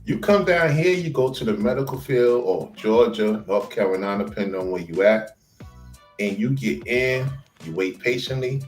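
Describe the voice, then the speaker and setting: Man, casual chat co-host, animated storyteller, roomy sound with faint music behind. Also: medium pitch, moderate pace. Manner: animated storytelling, slips into quoted voices.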